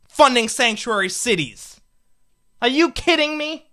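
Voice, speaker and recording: A man's voice: extremely high pitch, expressive, normal speed, pushed and bright. A man in his twenties, a political commentator, delivering a fired-up, indignant opinion rant full of rhetorical questions. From United States. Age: 20s.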